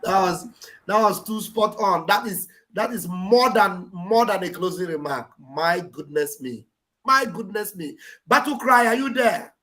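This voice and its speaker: A man's voice: high-pitched, animated, a little slow, pushed and bright. A man hosting a call-in program, courteous, calling on speakers in turn and repeating phrases. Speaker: host.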